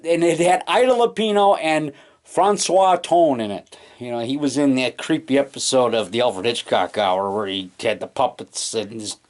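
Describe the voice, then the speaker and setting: A man rambling excitedly in a casual home vlog, full of restarts and trailing thoughts, recorded on a camcorder in his basement. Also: mid-range voice. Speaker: low-budget monster moviemaker. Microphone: camcorder mic.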